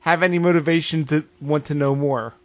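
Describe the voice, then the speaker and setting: A man co-hosting a podcast in casual chat, delivering dry, deadpan jokes. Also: fairly high pitch, a little fast, no room sound. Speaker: podcast co-host.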